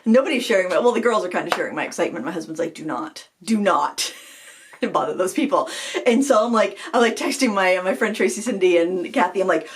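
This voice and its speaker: A woman in her forties from Maine chats to camera as a craft vlogger. Her voice sits at an ordinary middle pitch. She rambles and breaks into laughter often. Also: animated, fast, a little hiss or hum. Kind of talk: casual chat to camera.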